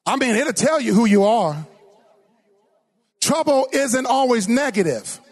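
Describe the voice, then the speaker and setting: Preacher guy, really high voice, slow drawn-out delivery, shouts and half-sings to the crowd. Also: expressive. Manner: preaching with call-and-response, swings from slow to shouted and sung lines. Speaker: pastor. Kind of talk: sermon.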